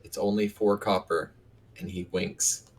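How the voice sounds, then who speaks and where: A man with a very deep voice adding dry asides at a tabletop game. He takes his time, and faint background noise sits under him. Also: steady tone, a little slow. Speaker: player. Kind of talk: in-character tabletop play.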